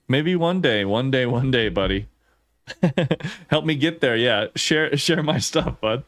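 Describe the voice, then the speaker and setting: A man hosting a casual gaming live stream, chatty and excitable, laughing often and reading chat messages aloud. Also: mid-range voice, no echo. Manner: swears casually, lots of "like".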